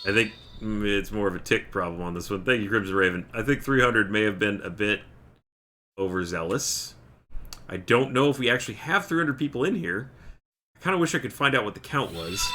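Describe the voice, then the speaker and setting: A man's voice: fairly low pitch, bright, forceful tone. A man casually chatting on a live game stream, thanking viewers by name as he plays. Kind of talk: casual live-stream chat while gaming.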